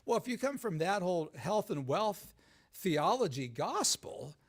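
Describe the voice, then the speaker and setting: Male guest speaker at a live event, animated and gravelly, keeps checking in with the crowd. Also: high-pitched, measured pace. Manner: animated, many restarts, asks "right?" often. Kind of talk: live talk with audience.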